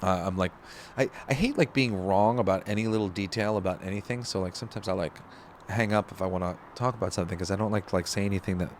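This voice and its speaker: A man's voice: sits low, fast, a little hiss or hum. Man, podcast host, rambling, self-deprecating, restarts a lot. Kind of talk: casual spiritual talk.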